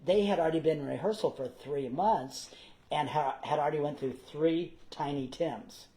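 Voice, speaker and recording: A man, a guest performer, telling theater anecdotes in a casual interview, animated and theatrical. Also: a little high, normal speed, poor audio. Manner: animated, theatrical, slips into character voices.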